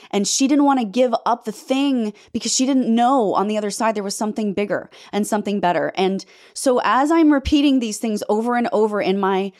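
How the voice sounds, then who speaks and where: Intense woman telling a dramatic testimony. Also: darkish tone. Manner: intense, dramatic storytelling with sudden pitch leaps when emphatic. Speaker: faith vlogger telling a personal story. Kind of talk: emotional personal testimony.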